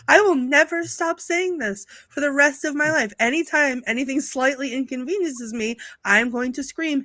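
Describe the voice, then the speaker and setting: A woman's voice: high-pitched, moderate pace, few pauses, no room sound. A woman in casual chat on a movie panel, laughing often and reading aloud from her notes. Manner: giggly, animated, reads out notes.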